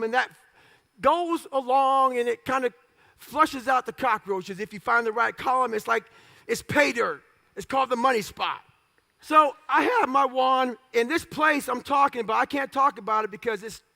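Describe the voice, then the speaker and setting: A middle-aged man speaks in a strikingly high, bright register with a rough, gravelly edge. He tells his story bluntly, swears freely, and plays every part of the conversation himself. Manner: blunt, profane, acts out dialogue. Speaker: motivational speaker. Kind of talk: storytelling speech.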